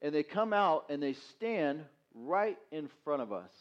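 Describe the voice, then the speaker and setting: A man's voice: on the high side, big pitch swings, a little slow, dull audio. A man preaching as youth pastor, telling a self-mocking story with acted-out quotes. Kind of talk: storytelling sermon. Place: church sanctuary.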